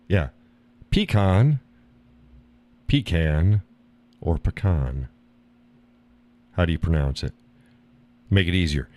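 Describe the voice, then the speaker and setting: American man, live stream host, very low voice, slow talker, rambling casual chat, laughs a lot, a bit tired. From United States. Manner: relaxed, rambling, laughs often. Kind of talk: casual chat reading viewer comments.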